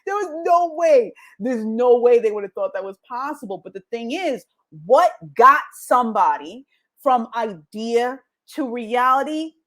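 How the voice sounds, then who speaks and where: A woman's voice: on the high side, lively intonation, a little slow, fairly bright tone. A woman hosting her own podcast, giving a jokey motivational talk and acting out quoted voices as she goes. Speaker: podcast host.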